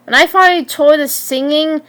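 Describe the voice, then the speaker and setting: A woman in her twenties reading her own story aloud in a halting way, often stumbling and restarting words. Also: high voice, a bit bright. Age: 20s. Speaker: story narrator.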